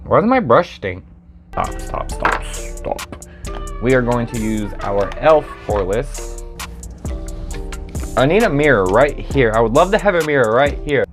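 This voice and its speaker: Guy doing a makeup vlog at home on his phone, super animated voice jumping all over, dramatic and sassy. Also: medium pitch, moderate pace, soft background music. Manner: excitable, dramatic squeals and sassy asides. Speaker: makeup vlogger. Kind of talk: casual makeup review chat. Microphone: phone camera.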